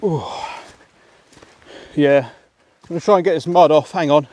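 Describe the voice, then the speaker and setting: A man's voice: a little high, moderate pace, a little mellow. A man walking a muddy woodland path outdoors, chatting to viewers in a casual commentary with muttered asides and mild exclamations. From England. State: panting while climbing a muddy hill. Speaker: walking vlogger.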